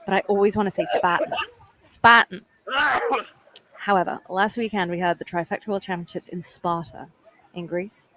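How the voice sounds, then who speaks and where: A woman co-commentating a live obstacle race, giving brisk updates and reading viewer questions with a playful tone. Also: lowish voice, fairly even intonation, a crowd in the background, poor audio.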